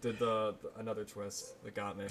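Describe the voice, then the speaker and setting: A man chatting casually about a movie, relaxed and blunt in his opinions. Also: on the low side, a little fast, a crowd in the background.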